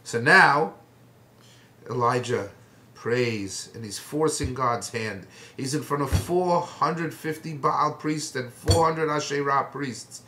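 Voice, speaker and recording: A man teaching a Bible passage as a lively, colloquial story with dramatic flair. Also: mid-range voice, slow, a little hiss or hum. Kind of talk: storytelling lesson. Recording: echoey room.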